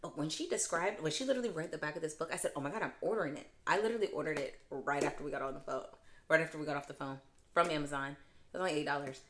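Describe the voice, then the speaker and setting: A young woman chatting casually as a book vlogger, gushing and expressive, with dramatic swings in pitch and volume. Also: racing, slight background noise. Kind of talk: casual chat.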